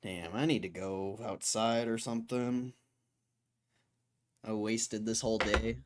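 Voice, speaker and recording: Slow, laid-back male streamer, chats loosely and mutters over charts. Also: on the low side, fairly even intonation, a little hiss or hum. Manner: loose, muttering to himself while reading charts. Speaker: stock market livestreamer. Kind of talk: casual livestream chat.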